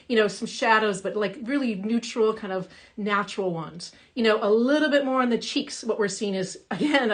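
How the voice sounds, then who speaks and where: A woman makeup artist leads a casual live session from her home. Her voice sits a little high, and she talks in a chatty, upbeat way with plenty of fillers. She reads viewer comments aloud as she goes. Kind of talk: casual live-stream talk. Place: home in Minnesota.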